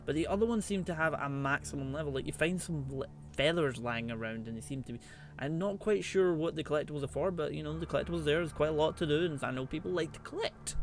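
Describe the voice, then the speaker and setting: A man's voice: a little high, fast. A man giving chatty, playful let's play commentary, teasing the animals in the game as he plays. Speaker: gaming channel host.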